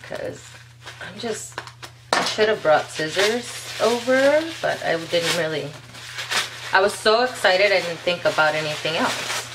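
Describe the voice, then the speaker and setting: Casting note: excitable woman beauty vlogger, unhurried gushing unboxing chat, faint hiss behind. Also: on the low side. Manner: gushing, excitable, talks to viewers. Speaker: nail polish vlogger.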